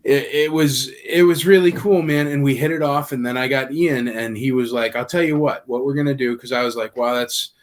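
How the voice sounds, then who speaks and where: Man guest on a chat podcast, chatty storyteller who slips into voices for the people he quotes; mid-pitched, conversational. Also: fairly quick, hardly any pauses. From Nashville area. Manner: animated storyteller, acts out quoted dialogue.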